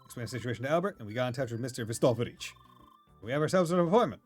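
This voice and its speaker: A man's voice: medium pitch, lively intonation, racing, soft background music, natural voice. A man voicing a formal, secretive man who speaks stiffly and carefully.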